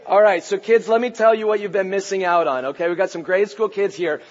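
A pastor preaching a sermon, animated and playful, raising his voice to a shout for emphasis. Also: sits high, brisk. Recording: dull lo-fi recording.

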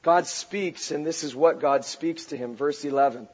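A pastor preaching a sermon, animated and playful, raising his voice to a shout for emphasis. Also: fairly high pitch, moderate pace, slightly rough. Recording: dull lo-fi recording.

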